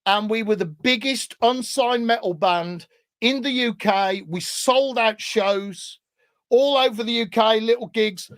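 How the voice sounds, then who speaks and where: A man, a guest in casual chat, telling stories with animation and growing loud as he laughs. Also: high-pitched, dry recording. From England. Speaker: guest musician.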